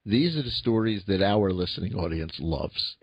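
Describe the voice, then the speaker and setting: A man's voice: low-pitched, lively intonation, moderate pace, lo-fi sound, slight background noise. A man from Philadelphia hosting a radio talk show, interviewing a guest with enthusiasm and stumbling restarts. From Philadelphia, USA.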